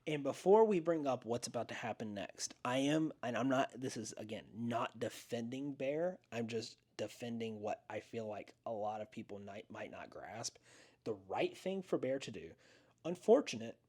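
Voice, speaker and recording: A man hosting a casual podcast, retelling a horror movie in an animated way and jumping into higher voices when he quotes characters. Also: normal speed. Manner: animated retelling, acts out lines in raised voices. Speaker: podcast host.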